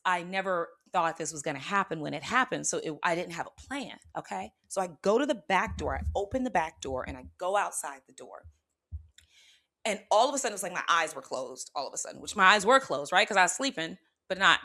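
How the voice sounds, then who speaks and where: A woman host telling a personal story with lively expression, often checking in with her listeners. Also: lowish voice. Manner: expressive, checks in with "okay?" and "right?", acts out her own reactions. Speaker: spiritual channel host.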